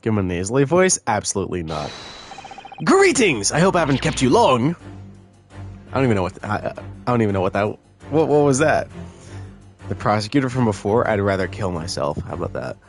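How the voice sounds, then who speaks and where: A man giving casual, joking let's-play commentary in low, mumbled asides with crude humor. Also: sing-song, quick pace, soft background music. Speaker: gaming video creator.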